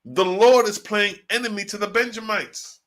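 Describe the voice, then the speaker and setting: Man, livestream Bible commentary, slangy preachy talk, rhetorical questions, bright edgy tone, fairly high voice. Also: fairly even intonation, normal speed. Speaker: online religious teacher.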